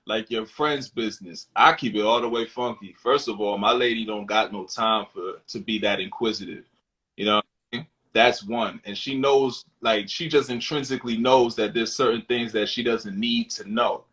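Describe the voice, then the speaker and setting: A man's voice: on the low side, fairly even intonation, normal speed, a bit bright, rough recording. A man co-hosting a candid talk show, speaking bluntly and emphatically, swearing freely and reading out viewer questions. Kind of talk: candid casual chat.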